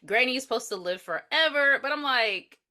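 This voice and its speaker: A woman on a casual movie-review podcast, picking apart a film's plot. Her voice sits a touch high and sounds bright. She comes across blunt and exasperated, and she swears freely. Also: lively intonation, fairly quick. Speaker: podcast co-host. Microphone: podcast mic.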